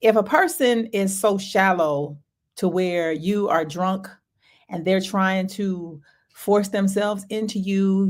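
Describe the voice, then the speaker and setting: Soft-spoken woman hosting a serious talk. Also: fairly low pitch. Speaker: podcast host. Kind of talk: talk show monologue.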